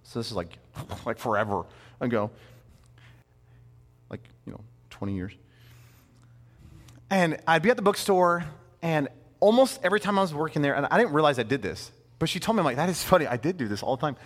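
Animated male pastor in a reverberant hall. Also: fairly high pitch, brisk, pauses often. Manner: animated, conversational, with playful asides. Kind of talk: sermon.

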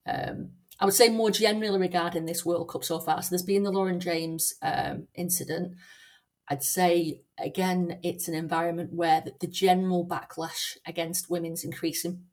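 A woman academic speaking as a guest on a podcast interview, thoughtful and measured, with frequent fillers and restarts. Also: fairly low pitch, fairly even intonation, a little mellow.

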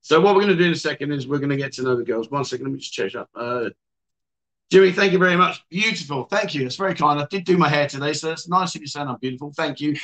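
A man's voice: a little high, fast, fairly bright tone. Joking male livestream host. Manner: joking, teasing, chatty. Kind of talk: casual chat reading viewer comments. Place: bar or venue indoors.

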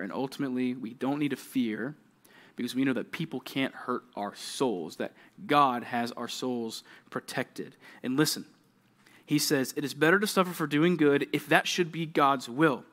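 A young adult man preaching a sermon to junior high students, animated, often acting out quoted kids and checking in with "right?" and "okay?". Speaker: youth pastor.

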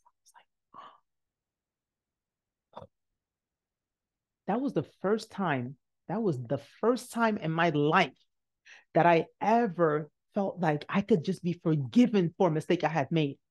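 Animated woman telling a personal story. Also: slow, long pauses. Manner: animated, acts out quotes with big pitch jumps and hushed asides. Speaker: podcast host. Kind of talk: motivational storytelling.

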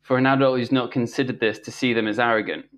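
He's a fast talker with a medium-pitched, fairly bright voice and a steady tone, and a little hiss or hum runs under the audio. As a middle-aged talk show guest, he tells a personal story loosely, full of restarts, fillers, and laughs.

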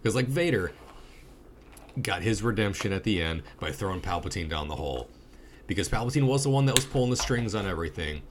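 A man's voice: fairly low pitch, expressive, fairly quick, background noise. A young man rambling casually and swearing now and then while reviewing a movie with a friend.

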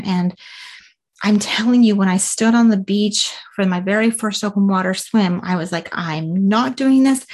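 A woman's voice: mid-range voice, a little mellow. Chatty woman telling a race story. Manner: chatty, with frequent fillers and restarts; speaks directly to listeners with advice. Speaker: triathlete recounting a race. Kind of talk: casual spoken storytelling.

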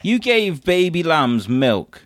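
A man's voice: a little high, sing-song, takes it slowly, no room sound. A man hosting a casual chat with his young son, teasing and encouraging him and chuckling often. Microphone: handheld microphone passed to child.

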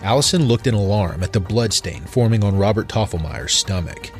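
A man narrating a dark horror story in a measured, deliberate way. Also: fairly low pitch, lively intonation, faint music behind.

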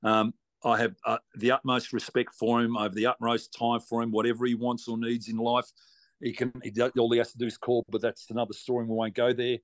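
A man's voice: mid-range voice, level tone, brisk, no echo. An Australian man telling rambling, chatty stories as a guest on an interview, with mild swearing and lots of restarts. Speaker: race car driver guest. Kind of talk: casual storytelling interview.

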